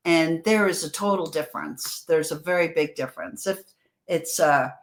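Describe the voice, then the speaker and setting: A low-pitched woman from New York, USA, appears as a guest author in a casual interview, telling stories. She's animated and keeps restarting her sentences quickly.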